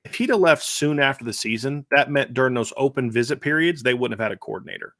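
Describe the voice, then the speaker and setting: A man's voice: mid-range voice, expressive, fast, fairly bright tone, no room sound. Blunt opinionated man, dry close sound. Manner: blunt, opinionated, many restarts. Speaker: football analyst host. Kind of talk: casual sports podcast chat.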